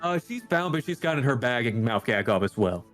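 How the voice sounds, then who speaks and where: A man's voice: medium pitch, very animated, brisk, a bit bright, soft background music. A man narrating a tabletop role-playing game as game master and calling for dice rolls.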